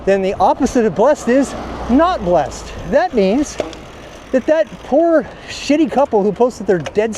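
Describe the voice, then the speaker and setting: Cycling vlogger, male, high mellow voice, blunt profane rant, faint outdoor noise. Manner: blunt and profane, heated ranting. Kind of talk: casual ranting monologue while riding.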